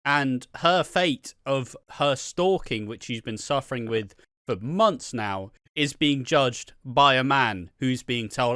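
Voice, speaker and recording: A man's voice: mid-range voice, lively intonation, slow, pushed and bright, smooth, dry recording, clean studio sound. A man co-hosting a podcast in casual chat, blunt, indignant and swearing freely. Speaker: podcast co-host.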